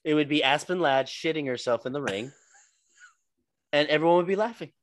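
A man's voice: on the high side, moderate pace, no echo. A young man co-hosting a podcast, chatting casually and swinging between mock exasperation and helpless laughter. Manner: exasperated, giggly, dramatic. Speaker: podcast co-host.

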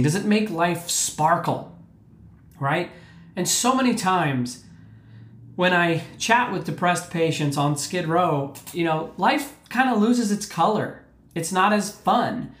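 A man's voice: fairly high pitch, roomy sound. A man working as a clinician, giving an informal health talk to shelter residents and keeping in touch with his listeners through repeated check-ins. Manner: conversational, keeps checking in with "right?" and "okay?"; repeats words and restarts often.

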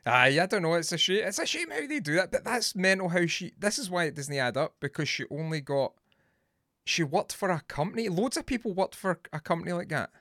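Scottish male co-host, lively higher voice, sweary, rambling, dry close mic. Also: brisk, dry recording. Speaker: podcast co-host. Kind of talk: casual chat.

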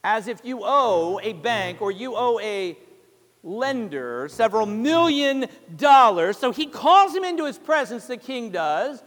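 A male pastor with a very high voice, preaching to his congregation. He retells the parable like a story and keeps asking the listeners questions. His voice rings with the long reverb of a large church hall. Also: sing-song, a little slow, fairly bright tone. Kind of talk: sermon.

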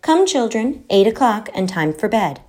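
A woman's voice: fairly low pitch, big pitch swings, moderate pace, darkish tone. A weary mother trying to sound cheerful while coaxing her children toward bed, voiced by a woman reading aloud, in a voice close to the reader's own. A storybook figure. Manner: patient, exasperated. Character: weary, desperate mother of three.

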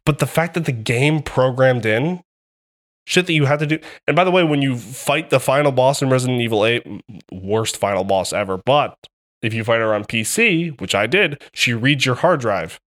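A man co-hosting a casual podcast chat. He tells excitable stories that are full of swearing. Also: medium pitch, normal speed. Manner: excitable, profane storytelling. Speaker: podcast co-host.

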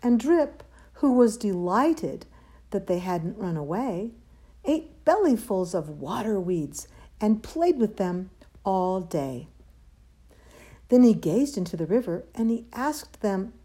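A woman's voice: medium pitch, very animated, slow, warm tone, husky. A woman reading a rhyming children's picture book aloud with a lilting, sing-song rhythm. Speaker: storyteller.

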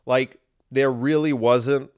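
A man's voice: mid-range voice, fairly even intonation, takes it slowly, smooth. A man hosting a podcast, talking in a sarcastic, ranting monologue full of rhetorical questions. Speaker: podcast host. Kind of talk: opinionated monologue.

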